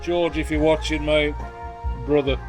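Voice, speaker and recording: A man's voice: on the high side, little pitch movement, a little slow. An older man from England, a former soldier, chatting casually and bluntly in a garden, swearing freely. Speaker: vlogger, ex-soldier. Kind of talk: casual chat. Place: garden, outdoors. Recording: faint music in the background.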